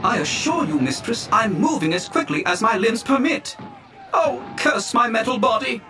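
High fussy robot butler from a man reader, fretful, wailing, lively swoops, music underneath. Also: moderate pace, far from the mic, exaggerated voice. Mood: panicked. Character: fussy anxious male protocol droid.

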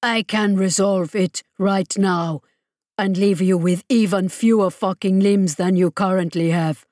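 A woman's voice: medium pitch, fairly even intonation, measured pace, darkish tone, no room sound, clean studio sound, natural voice. A woman narrator voicing an armoured male enforcer who threatens with swearing and mock politeness. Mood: menacing.

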